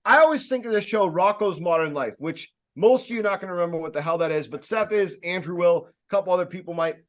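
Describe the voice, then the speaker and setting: A man giving a casual sales training talk, speaking loudly and emphatically, with rambling jokey asides and plenty of fillers. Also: high voice, quick pace. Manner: loud, emphatic, projecting voice.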